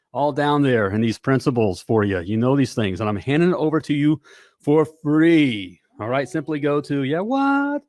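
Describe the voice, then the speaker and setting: A middle-aged man hosting a live talk show, energetic and repetitive, tossing in "all right?" and "hey" between lines. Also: a little high, no room sound, clean studio sound.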